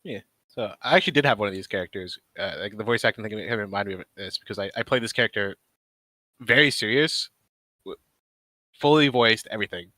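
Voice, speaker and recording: Brief: male stream host, bright and forceful tone, dry close sound, rambling storyteller. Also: lowish voice, a little fast, no echo. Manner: rambling, with many fillers and laughs. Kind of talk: casual storytelling chat.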